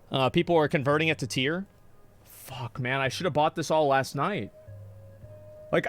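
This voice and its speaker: A man's voice: fairly high pitch, a bit bright. A man streaming live, ranting casually and with frequent swearing while he answers chat. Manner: profane, exasperated ranting.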